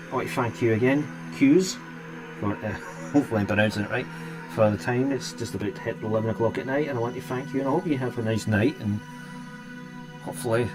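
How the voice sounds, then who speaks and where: A Scottish man hosting a live stream and chatting casually with viewers, rambling and restarting his sentences often. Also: on the low side. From Scotland. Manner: rambling, hesitant, many restarts.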